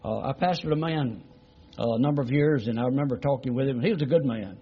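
Pastor, middle-aged man, husky voice, folksy sermon storyteller, muffled lo-fi recording. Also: medium pitch, quick pace. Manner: folksy, repetitive retelling with many "he said" tags.

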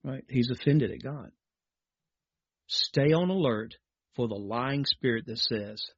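A husky-voiced man preaches a sermon, moving between reading scripture aloud and speaking directly to his listeners. The sound is dry and somewhat muffled, with little room around it. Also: medium pitch, expressive, measured pace, no echo.

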